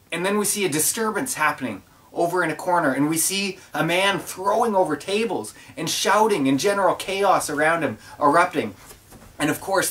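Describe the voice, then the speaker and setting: A pastor preaching a sermon that tells scripture like scenes in a film. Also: male voice, on the high side, a bit bright, distant mic. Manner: vivid, cinematic storytelling.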